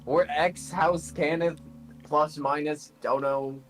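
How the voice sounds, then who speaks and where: A man playing a tabletop game, bantering in a playful, quick way. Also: on the high side, steady tone, soft background music. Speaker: player. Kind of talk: casual chat at a game table.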